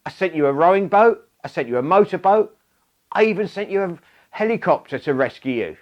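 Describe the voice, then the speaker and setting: A preacher voicing God as a pointed rebuker. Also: male voice, high-pitched, animated, brisk, dull audio. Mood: rebuking. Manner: emphatic, listing.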